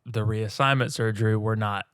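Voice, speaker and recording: A man's voice: on the low side, fairly even intonation, normal speed, a bit bright, smooth, dry recording, clean studio sound. A man co-hosting a casual movie-review podcast, reacting with wry jokes and lots of fillers. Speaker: podcast co-host.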